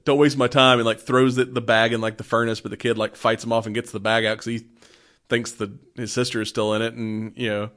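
A man recapping a movie in a loose, rambling way, full of fillers. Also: medium pitch. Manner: rambling, filler-heavy storytelling. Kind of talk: casual movie recap chat.

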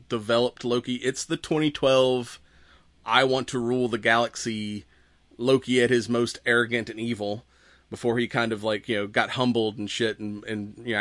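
Podcast co-host, male: bright tense tone, dry close sound, loose profane rambling. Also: mid-range voice, dry recording. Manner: rambling, profane, laughs often. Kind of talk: casual chat.

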